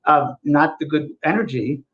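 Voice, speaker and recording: A man's voice: on the high side, moderate pace. Earnest male co-host, muffled sound. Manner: earnest, storytelling, repeats for emphasis. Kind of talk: casual spiritual talk show. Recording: dull, lo-fi sound.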